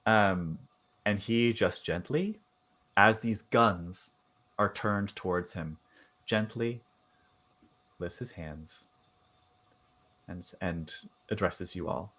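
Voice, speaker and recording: Low-voiced man narrating a game. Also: fairly bright tone. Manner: halting, lots of fillers and restarts. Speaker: game master. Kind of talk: narrating a tabletop horror game.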